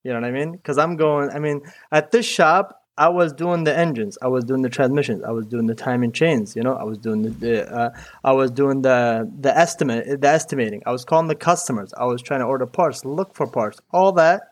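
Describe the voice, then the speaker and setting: A man's voice: mid-range voice, brisk. A young man from Iraq, a mechanic guest chatting casually in an interview, rambling and peppering his talk with "dude" and "you know".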